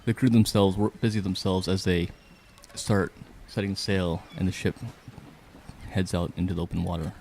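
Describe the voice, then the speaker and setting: A man's voice: low voice, steady tone, normal speed, a little mellow, a little hiss or hum. A man narrating a tabletop game as game master, mixing dramatic storytelling with casual rulings for the players.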